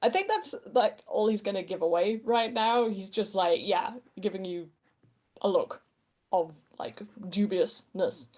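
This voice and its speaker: A woman's voice: medium pitch, expressive, a little slow, darkish tone. A woman playing a tabletop game, joking and laughing often as she describes her character. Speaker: player. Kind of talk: casual tabletop game play.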